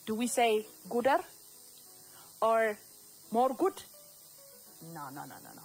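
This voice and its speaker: A woman's voice: fairly high pitch, sing-song, slow, a little mellow, poor audio. A woman from Ethiopia teaching a recorded grammar lesson, repeating words and asking the class questions as she goes.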